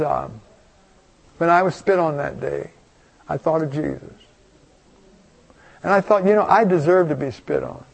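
A man's voice: on the high side, creaky. An older man preaching a folksy, rambling storytelling sermon, full of asides and restarts.

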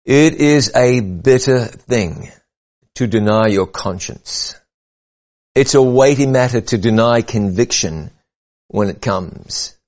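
A man delivering a sermon in an earnest, measured way, his voice rising and falling to press each point. His pitch sits in the middle, neither deep nor high. The recording is somewhat dull and lo-fi. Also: darkish tone. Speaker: preacher.

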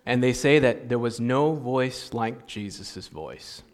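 A man's voice: medium pitch, lively intonation, slow pace, big-room sound. A man preaching a sermon as a pastor, telling a story with animation and acting out the voices of frustrated parents.

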